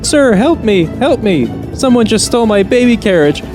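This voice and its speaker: A man voicing a frantic woman on the street in a comedic script reading, pleading in a shrill falsetto. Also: big pitch swings, normal speed, music in the background.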